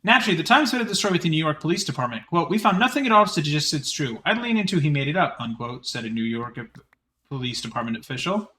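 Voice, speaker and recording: Male streamer, higher pitch, reads articles aloud with offhand commentary. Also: very animated, sharp tone. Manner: quick chatty reading with many fillers and restarts. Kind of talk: reading an article aloud with casual asides.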